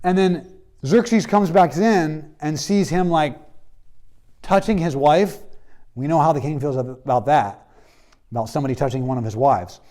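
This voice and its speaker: A man's voice: on the high side, normal speed, mellow. A man teaching a Bible history class, telling the story casually and acting out the characters' lines, with students chiming in now and then. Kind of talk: classroom lecture.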